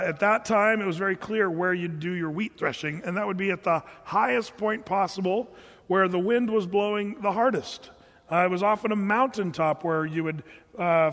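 A high-pitched male pastor teaching scripture in a relaxed, enthusiastic way. He reads old-style verses aloud, then talks about them as if chatting with his class. His voice rings out with a long reverb, like a big sanctuary.

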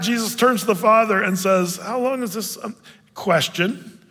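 A male pastor preaching a sermon, animated, breaking into sudden loud bursts as he acts out what people say. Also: high-pitched, a little slow, gravelly, big-room sound.

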